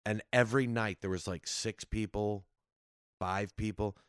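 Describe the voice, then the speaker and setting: A comedian guest telling road stories in a casual, animated way, acting out other people's voices. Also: male voice, lowish voice, unhurried, smooth, no echo, clean studio sound. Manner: animated, acts out voices in his anecdotes. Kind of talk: casual storytelling.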